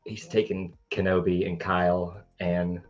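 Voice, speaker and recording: A man co-hosting a trivia livestream in an excited, rambling way. His audio sounds a little dull and lo-fi, and faint music plays behind him. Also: sits low, measured pace. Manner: chatty and excitable, jumps between thoughts. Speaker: co-host of a Disney trivia show. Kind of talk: casual livestream chat.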